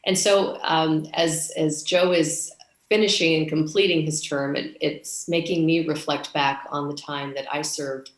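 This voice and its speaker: A woman's voice: low voice, fairly even intonation, unhurried, reverberant. A woman from Canada giving a conference speech, telling a story and acting out the dialogue. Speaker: conference speaker.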